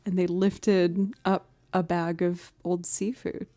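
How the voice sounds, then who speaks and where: A woman musician chatting on her live stream at home, telling stories with frequent laughter and cooing softly to her pet. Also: lowish voice, takes it slowly, faint music behind. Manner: animated, laughing often while telling stories; soft and cooing when talking to her pet. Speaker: musician livestreamer. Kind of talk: casual storytelling chat on a live stream.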